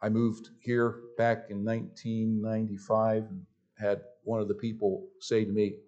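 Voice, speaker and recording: Emphatic Southern pastor preaching. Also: male voice, fairly low pitch, completely flat delivery, normal speed, mellow, dull audio. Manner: emphatic, repeats phrases, stumbles on restarts. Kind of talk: sermon.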